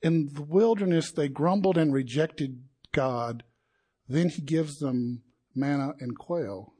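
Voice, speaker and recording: A man preaching a sermon in an animated way, acting out the crowd's voices and building to indignant peaks. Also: on the high side, slow, slightly rough.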